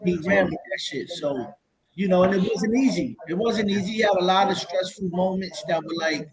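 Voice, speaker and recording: A man co-hosts a casual podcast in a fairly high voice. He talks heartfelt and loose, full of slang and restarts. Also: moderate pace, over a noisy crowd, low-quality recording. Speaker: podcast panel host. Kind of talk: casual interview talk.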